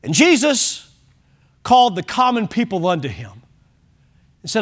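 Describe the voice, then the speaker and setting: A man preaching a sermon as pastor, driving points home with shouted emphasis and rhetorical questions. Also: high voice, wildly swooping pitch, measured pace, long pauses.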